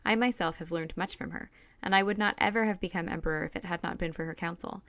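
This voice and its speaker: A woman reading the part of a middle-aged emperor who questions his daughter in measured, probing tones. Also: fairly low pitch, a bit bright, no room sound.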